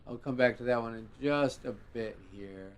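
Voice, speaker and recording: A man hosting a live game show stream, talking casually in a relaxed, rambling way with many fillers. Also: medium pitch, normal speed, a little hiss or hum.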